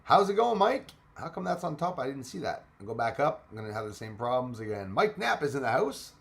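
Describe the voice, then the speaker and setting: Man, livestream host, casual and chatty, greets viewers, laughs a lot, medium pitch. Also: big pitch swings, brisk, vocal fry. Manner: chatty, greets commenters by name, laughs often. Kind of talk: casual live chat with viewers.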